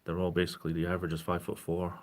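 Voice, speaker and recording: A man in his forties chatting casually on a live stream in a gentle, caring tone, rambling and breaking off mid-sentence as he greets viewers. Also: sits low, monotone, rapid-fire. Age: 40s. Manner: rambling, self-interrupting, greets chat viewers.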